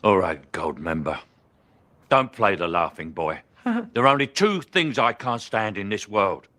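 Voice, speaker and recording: A man's voice: fairly low pitch, very animated, a little slow, bright, forceful tone, heavily acted. A man playing a stern older spy father, speaking in a clipped, dry, disdainful way in film dialogue.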